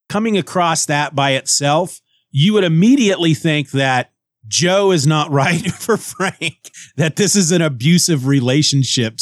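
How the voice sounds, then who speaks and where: A man hosting a comic book podcast, recapping and reviewing an issue in a casual, animated way with chuckles. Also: a little high, dry recording, clean studio sound.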